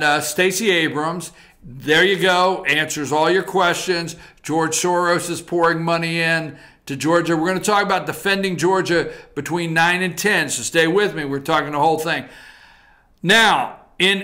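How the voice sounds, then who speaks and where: A man's voice: fairly high pitch, sharp tone. A man hosting a political opinion talk show, talking straight to viewers in a blunt, folksy way. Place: TV studio.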